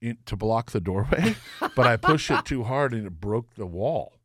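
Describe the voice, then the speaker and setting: A middle-aged man, a guest musician, telling profane, animated stories and acting out the voices of the people in them. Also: mid-range voice, moderate pace, no echo. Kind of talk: casual storytelling.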